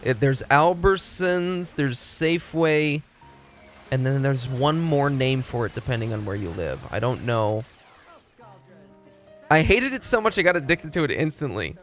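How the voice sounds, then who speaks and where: A man's voice: medium pitch, big pitch swings, a little slow, a bit bright, faint music behind. A young man from Texas, chatting casually and profanely on a live stream. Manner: rambling, profane, laid-back.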